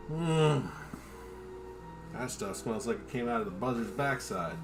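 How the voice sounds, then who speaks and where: A man rambling casually on a home livestream while drinking, joking at his own expense, swearing freely and chatting to his dog. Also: mid-range voice. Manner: rambling, profane, self-deprecating. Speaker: livestream host.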